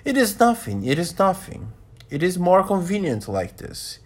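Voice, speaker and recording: A genial, formal older gentleman from a storybook, speaking in a lively voice, as a man reading aloud puts him on. His tone is a touch husky. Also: sits high, normal speed, pitched above the performer's own voice, full character voice. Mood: friendly.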